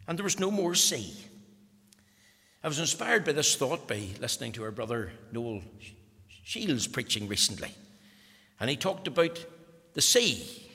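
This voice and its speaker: A man preaching a fervent sermon that swells and drops to a hush, in a church hall. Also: medium pitch. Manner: fervent, rising and falling to a hush. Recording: echoey hall.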